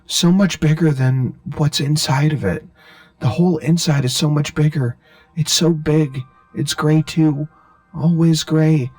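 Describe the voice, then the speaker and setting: A man voicing a dead brother, quiet but rabid, growling each word with hate. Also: fairly high pitch, steady tone, measured pace, no room sound, faint music behind, voice pushed up, close to an everyday voice. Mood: awed, frightened. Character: dead boy's voice, bitter and hateful, afraid.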